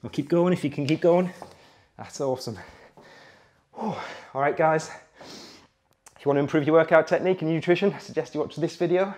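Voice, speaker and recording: A man's voice: a little high, a little fast, pauses often, darkish tone. A young man leading a beginner workout as fitness coach, counting reps and urging listeners on while out of breath. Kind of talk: guided workout instruction.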